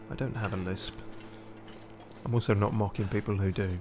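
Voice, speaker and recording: Wry, low-voiced man muttering. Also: steady tone, normal speed, over music. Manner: wry, self-mocking muttering to himself. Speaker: game streamer. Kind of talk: live gameplay commentary.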